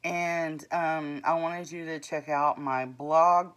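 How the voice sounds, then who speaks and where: Woman, forties, slow-paced, smooth voice, rambling casual vlog, frequent ums. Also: sits low, steady tone. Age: 40s. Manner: earnest, plain-spoken. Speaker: author promoting her books.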